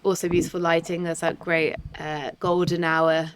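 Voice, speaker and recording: A woman's voice: lowish voice, level tone, normal speed, a little hiss or hum. A woman co-hosting a film podcast, talking candidly and enthusiastically, with casual swearing.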